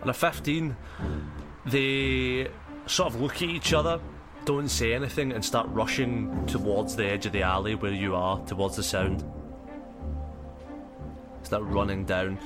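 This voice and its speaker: A man runs a tabletop game in a fairly low voice, rambling and hesitant with plenty of ums. Clear music plays under his narration. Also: fairly even intonation, unhurried, long pauses. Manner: rambling, many ums and sort ofs. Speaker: game master.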